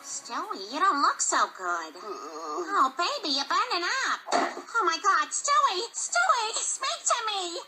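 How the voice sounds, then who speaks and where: This is an anxious cartoon mother played by a woman whose voice sits very high and swoops up and down. She speaks slowly and pleads in a panic. Music runs under the clip. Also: very animated, heavily acted, low-quality recording. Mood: panicked.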